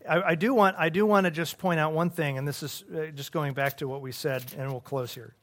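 A man pastor leading a Bible study, talking earnestly in a halting, conversational way with many restarts. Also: a little high, fairly even intonation, a bit bright.

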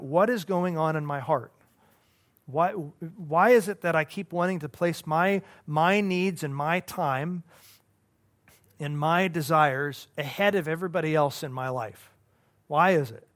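A male pastor leads a Bible study, speaking earnestly and conversationally, halting often and restarting his sentences. His voice sits on the high side with a fairly bright tone.

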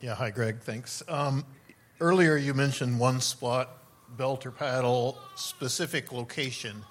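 A man's voice: medium pitch, unhurried, a little hiss or hum. A man from the audience asking a hesitant follow-up question. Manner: hesitant, unsure.

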